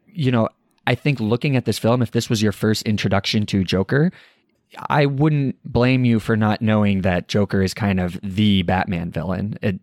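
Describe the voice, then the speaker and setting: Low-voiced measured man, dry sound. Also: a little mellow, dry recording. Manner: measured, thoughtful, leads questions. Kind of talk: casual movie review chat.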